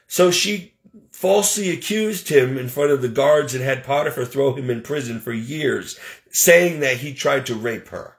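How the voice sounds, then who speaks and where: A man's voice: medium pitch, normal speed. A man who works as a caregiver, venting emotionally about his situation in a heated, aggrieved, religious way. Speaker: professional caregiver. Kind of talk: emotional personal vent.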